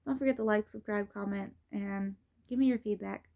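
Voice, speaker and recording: A woman's voice: medium pitch, steady tone, normal speed, vocal fry, warm tone. A middle-aged woman vlogging in a casual, rambling way, with many fillers and restarts. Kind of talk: casual rambling vlog talk.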